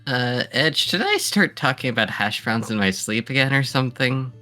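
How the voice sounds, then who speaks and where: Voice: medium pitch, expressive, normal speed, bright, forceful tone, soft background music. A tabletop role-play player asking questions in character.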